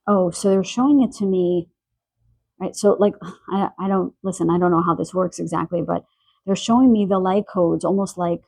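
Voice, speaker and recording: A woman giving a spiritual pick-a-card reading, gentle and searching, relaying messages with pauses and fillers. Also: lowish voice, gravelly, no echo, low-quality recording. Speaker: tarot card reader. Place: quiet room in the evening.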